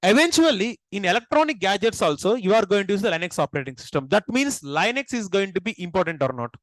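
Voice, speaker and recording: A man's voice: high-pitched, expressive, quick pace, dry recording, low-quality recording. A man with an Indian accent giving a classroom lecture, asking the class questions and repeating key points. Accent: Indian English. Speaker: teacher.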